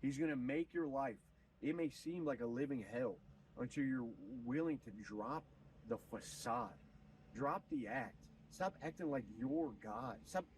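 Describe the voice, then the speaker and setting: A man streaming, retelling a story in an animated, profane, preachy way. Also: mid-range voice, far from the mic, slight background noise, low-quality recording. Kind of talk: casual storytelling on a livestream.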